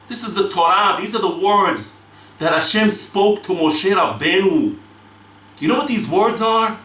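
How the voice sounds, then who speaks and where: Animated rabbi teaching in an echoey room. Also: male voice, high-pitched, measured pace. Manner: animated, chanting verses in Hebrew. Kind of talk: Torah lecture. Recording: echoey room, mic from far off.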